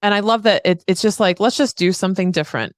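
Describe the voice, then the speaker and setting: A woman's voice: medium pitch, quick pace, no echo, studio quality. A woman hosting a podcast interview who chats in an upbeat, casual way with her guest. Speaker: podcast host.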